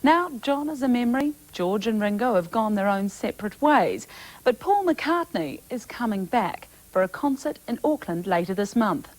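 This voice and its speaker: A woman presenter reads a scripted news introduction in a measured, formal way. Her voice sits somewhat high for a woman. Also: lively intonation, rough recording.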